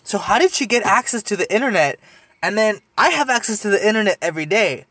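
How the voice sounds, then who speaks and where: Young man, somewhat high voice, rambling casual storytelling, dry close sound. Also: expressive, fast talker, bright, forceful tone, dry recording. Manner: rambling, filler-heavy, profane, laughs often. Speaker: podcast storyteller.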